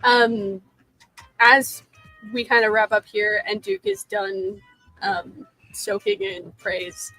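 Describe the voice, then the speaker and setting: Woman player, high voice, slow, hesitant, faint music. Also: big pitch swings, creaky, pushed and bright, low-quality recording. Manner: hesitant, full of ums and restarts. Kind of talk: casual tabletop play.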